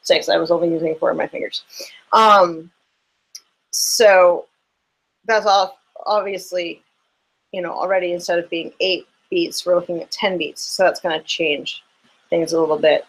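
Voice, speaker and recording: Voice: medium pitch, steady tone, normal speed, long pauses, fairly bright tone, rough recording. A fiddle teacher giving a casual online lesson into a computer microphone, thinking aloud and counting and humming rhythms.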